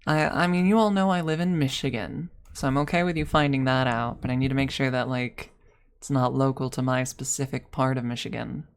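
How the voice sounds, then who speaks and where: A woman's voice: very deep voice, fairly quick, clean tone. A young woman ASMR streamer sharing frank opinions in a casual, musing monologue full of tag questions.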